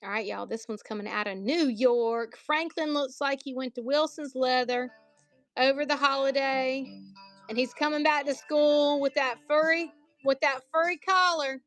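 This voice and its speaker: A woman's voice: high voice, fairly even intonation, moderate pace, a bit bright, soft background music. A woman selling collectible banknotes on a live stream, chatty and joking, calling her viewers y'all.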